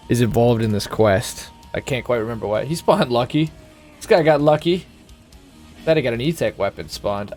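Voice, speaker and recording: A man's voice: medium pitch, a little mellow. A man casually commenting while streaming a video game, rambling and joking. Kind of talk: casual let's-play commentary.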